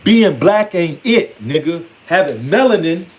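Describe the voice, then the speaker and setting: A man's voice: on the high side, sing-song, unhurried. A man giving a casual, blunt, playfully scolding monologue on spirituality. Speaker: spiritual speaker.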